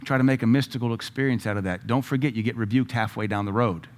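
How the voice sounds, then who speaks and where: A middle-aged man delivers a sermon in a voice of ordinary middle pitch. He preaches emphatically and climbs into loud, pointed bursts when he quotes scripture. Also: steady tone, fast talker.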